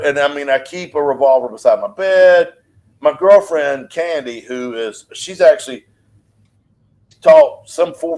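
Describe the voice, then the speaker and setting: A podcast co-host in his fifties trades casual, profane banter, lively and teasing, his pitch jumping up and down.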